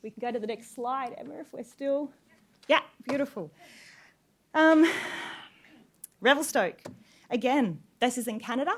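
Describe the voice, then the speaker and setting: A woman's voice: sits high, normal speed, long pauses. A young adult woman giving an informal talk to an audience, telling stories with laughs and fillers between slides. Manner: chatty storytelling with laughs and fillers. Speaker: guest speaker.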